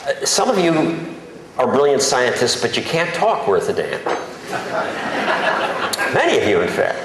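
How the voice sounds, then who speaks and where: A man's voice: medium pitch, huge pitch swings, unhurried. A man who is a journalist, giving an emphatic, plainspoken, self-deprecating speech to an audience in a large conference hall. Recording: very echoey hall, faint background noise.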